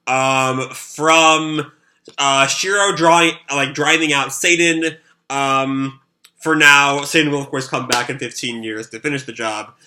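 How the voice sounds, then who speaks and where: Bright-voiced man recapping a manga. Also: medium pitch, steady tone, unhurried. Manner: rambling, with many fillers. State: sore throat. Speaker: manga reaction host. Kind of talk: live reaction and recap.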